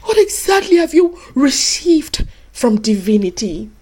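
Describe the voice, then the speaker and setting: A woman preaching a sermon in an animated way, swinging from soft asides to high cries and acting out the voices in her stories. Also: a little slow, breathy edge. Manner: acts out quoted voices in her teaching.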